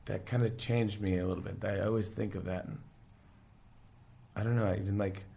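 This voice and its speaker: A man with a fairly low voice and some vocal fry speaks a little fast as a podcast guest. He chats casually, acting out scenes with animation as he retells his stories.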